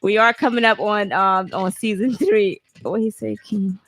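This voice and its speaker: A woman co-hosting a podcast, bantering loudly, swearing and breaking into laughter. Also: mid-range voice, fairly even intonation, moderate pace. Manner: loud, laughing, profane banter. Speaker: podcast co-host. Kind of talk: casual podcast chat.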